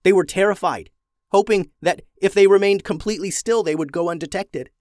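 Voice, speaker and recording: A man reading a children's adventure story aloud, expressive and slowing down for suspense. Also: high voice, dry recording, clean studio sound.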